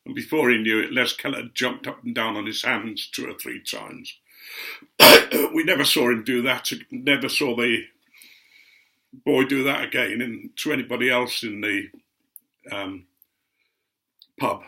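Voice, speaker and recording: Bright-voiced older man telling stories. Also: mid-range voice, fairly even intonation, a little slow, long pauses. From Otley, Yorkshire, England. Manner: chatty and meandering, with gentle asides. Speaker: guest speaker recounting memories. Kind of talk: anecdotal storytelling.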